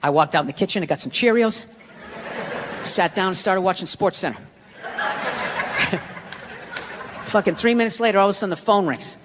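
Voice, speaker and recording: A man's voice: high voice, normal speed, pauses often, noisy background. A man doing a stand-up comedy routine, telling a story as a profane, ranting storyteller. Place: theater stage before a live audience. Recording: echoey hall with crowd laughter.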